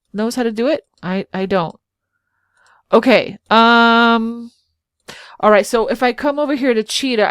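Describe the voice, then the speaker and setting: A woman web designer and channel host, with a fairly high, clear, resonant voice, leads a casual screen-share walkthrough of website builders. Recorded dry in studio quality, she chats in a self-deprecating way and thinks aloud as she clicks around.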